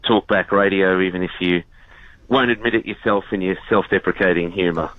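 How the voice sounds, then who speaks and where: A man calling in to talkback radio, warm and admiring with small hesitations. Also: deep voice, fairly even intonation, a little fast, no echo. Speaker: caller. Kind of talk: talkback call-in. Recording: muffled dry phone line.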